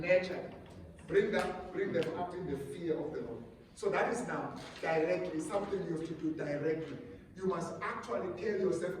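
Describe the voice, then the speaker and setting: A South African man with an isiXhosa-speaking accent, preaching to couples at a retreat in an animated way, often repeating his words. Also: a little high, moderate pace, background noise. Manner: animated, repeats words, mimics a parent calming a child. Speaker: pastor. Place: conference room at a resort. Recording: roomy hall, voice from far off.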